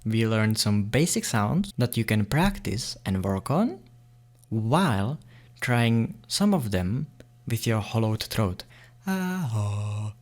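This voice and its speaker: A man's voice: fairly low pitch, takes it slowly. Playful man explaining beatbox sounds. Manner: playful, excitable, laughs often. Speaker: beatbox tutor. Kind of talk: casual tutorial explanation.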